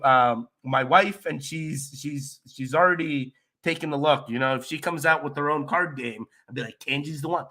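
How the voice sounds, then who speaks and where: A man's voice: a little high, normal speed, hardly any pauses. Sick, nasal man hosting a crypto livestream. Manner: loopy, relaxed, rambling with restarts. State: sick and nasal, slight cough. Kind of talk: casual livestream chat reading comments.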